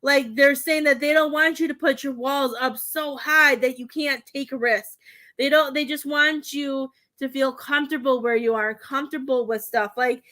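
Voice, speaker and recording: A woman's voice: high voice, fairly even intonation, normal speed, pushed and bright. A woman working as a psychic medium, chatting through a live tarot and mediumship reading in a giggly, rambling way with many fillers.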